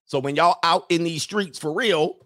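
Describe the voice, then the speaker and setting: A man's voice: a little high, moderate pace, a bit bright, no room sound, clean studio sound. A man, a coach hosting a podcast livestream, talking in a blunt, crude and preachy way while he reads chat comments.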